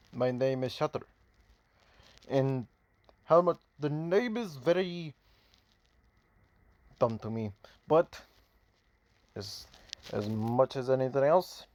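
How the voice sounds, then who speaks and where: A man's voice: medium pitch, a little mellow, no room sound, dull audio. Man putting on a boastful Russian superhero. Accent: put-on Russian. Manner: halting, boastful, restarts often. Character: mysterious boastful male Russian-accented superhero. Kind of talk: amateur voiced storytelling.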